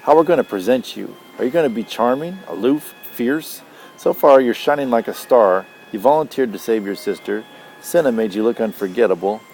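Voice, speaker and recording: A man's voice: mid-range voice, brisk, darkish tone, slight background noise, close to an everyday voice, rough recording. A man doing a blunt sardonic mentor. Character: gruff blunt older male mentor.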